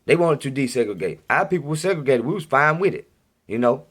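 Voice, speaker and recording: A man's voice: mid-range voice, lively intonation, quick pace, a bit bright, husky. A man giving a casual, rambling monologue to his viewers in a home recording, insistent and repeating himself. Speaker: video blogger.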